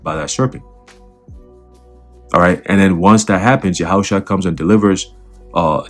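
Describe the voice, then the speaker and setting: A man giving casual religious and political commentary in a conversational way, repeating words and checking in with the listener. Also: deep voice. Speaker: online commentator.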